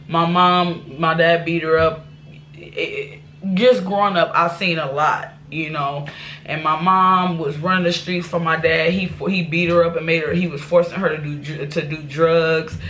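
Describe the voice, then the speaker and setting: A woman's voice: lowish voice, fairly even intonation, a little slow, fairly bright tone, a little hiss or hum. A woman vlogger telling a personal life story to her viewers, candid and rambling, with restarts and asides. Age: adult.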